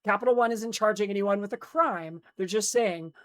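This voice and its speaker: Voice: medium pitch, normal speed, fairly bright tone. A livestream host chatting casually with viewers and reading news stories, sounding drowsy after just waking up and restarting lines after slips, on a noise-cancelled streaming mic. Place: indoor streaming setup in Los Angeles.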